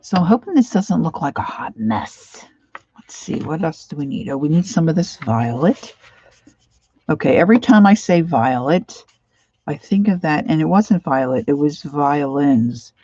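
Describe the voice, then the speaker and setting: A middle-aged Pennsylvania woman with a local accent hosts an art livestream, chatting casually and rambling as she paints. Her low voice is animated and a bit breathy, at a normal pace, and she drifts into warmly nostalgic asides. The sound is lo-fi with no echo.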